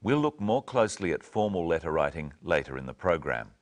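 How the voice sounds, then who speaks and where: A man presenting an English lesson, speaking slowly and clearly and carefully modelling each phrase for learners. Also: sits low, big pitch swings. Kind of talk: slow, clear teaching narration.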